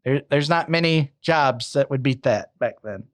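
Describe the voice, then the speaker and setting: A man's voice: mid-range voice, measured pace. Conversational man narrating true crime. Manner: conversational, many fillers and asides. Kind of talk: casual true crime storytelling.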